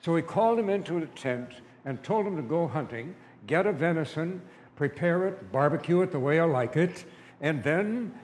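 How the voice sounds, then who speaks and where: A man performs a first-person story, earnest and often tripping over his words. His voice sits a little high. A long hall reverb and faint background hiss surround him. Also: expressive, darkish tone. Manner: halting, stammering, earnest.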